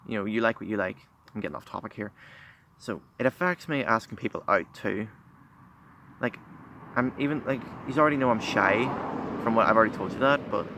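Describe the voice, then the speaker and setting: Shy, halting teen guy outdoors with traffic. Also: fairly low pitch. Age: teens. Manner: shy and halting, many pauses, fillers and restarts. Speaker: vlogger. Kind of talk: candid confessional vlog. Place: outdoors by a busy road. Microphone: phone camera. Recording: phone recording with loud traffic noise. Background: passing cars.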